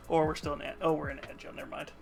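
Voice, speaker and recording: A man's voice: fairly high pitch, gravelly. A young man streaming himself painting miniatures, chatting casually and rambling with self-aware asides to a friend. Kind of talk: casual live-stream chat.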